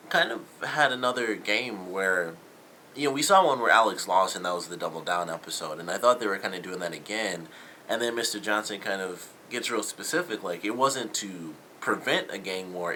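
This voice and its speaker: Young male reviewer, deep and bright, chatty and rambling, slight background noise. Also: brisk, low-quality recording. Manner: rambling, lots of fillers and paraphrased quotes. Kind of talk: casual TV episode review.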